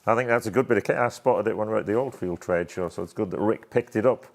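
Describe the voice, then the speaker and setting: A man's voice: fairly low pitch, fast talker, vocal fry. A man co-hosting in casual, upbeat chatter. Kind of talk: casual banter.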